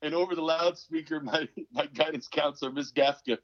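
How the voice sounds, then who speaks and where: A former pro basketball player in his fifties, appearing as a podcast guest, tells an animated story and acts out the people he quotes. His voice is a little high and a little fast. The recording sounds dull and dry.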